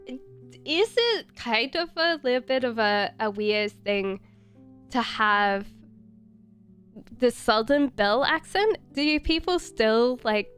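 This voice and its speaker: Woman, Australian-British accent, tarot reader, casual live-stream chat, smooth clear voice, slow pace. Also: fairly high pitch, a bit bright. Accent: Australian mixed with British. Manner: rambling and giggly, many fillers.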